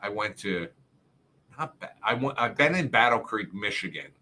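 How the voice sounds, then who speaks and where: A man's voice: on the low side, animated, normal speed, sharp tone. A man with a South Jersey accent hosting a casual livestream, rambling, swearing and reading viewer comments aloud. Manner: rambling, profane, reads chat comments aloud.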